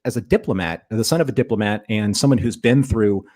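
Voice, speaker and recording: A man's voice: on the low side, fairly quick, darkish tone. A man co-hosting a podcast, talking in a rambling, enthusiastic way about a favorite show. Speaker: podcast co-host. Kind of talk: casual fan discussion.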